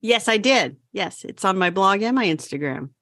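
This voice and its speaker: Woman, podcast co-host, casual chatty delivery, dry close sound, mid pitch. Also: expressive, a bit bright, no room sound. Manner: chatty, brisk gardening updates. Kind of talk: casual chat.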